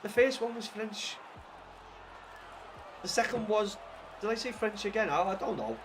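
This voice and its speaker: A man's voice: sits high, normal speed, crowd noise, noisy background. Sweary Scouse man streaming a football game. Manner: sweary, rambling, excitable bursts. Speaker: gaming livestreamer. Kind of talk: casual livestream chat with viewers.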